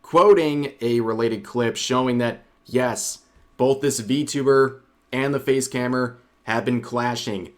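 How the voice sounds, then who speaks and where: A man's voice: medium pitch, takes it slowly. Sardonic male commentary narrator. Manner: sardonic, wry asides. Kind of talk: scripted drama commentary.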